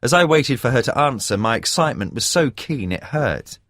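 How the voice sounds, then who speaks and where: Man, audiobook narrator, first-person story, expressive, lively intonation, dry studio sound. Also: mid-range voice, dry recording. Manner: measured storytelling with expressive emphasis.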